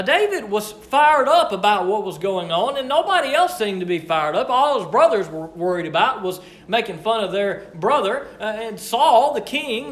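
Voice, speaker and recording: A man leading a Bible study, reading verses and explaining them in a conversational, expressive way. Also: sits high. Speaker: Bible teacher. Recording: echoey room, faint noise.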